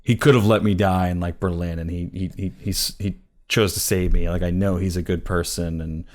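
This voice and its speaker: A man with a very low, deep voice chats casually through a movie review. He rambles, piling up fillers and restarting his sentences as he goes. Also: fairly even intonation, a little fast, darkish tone. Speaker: podcast co-host.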